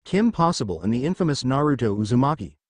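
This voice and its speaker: A man's voice: medium pitch, very animated, quick pace, no echo. A man voicing an irritated, pompous male mad scientist villain in a read-aloud story, in close to his own voice. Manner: irritated, boastful.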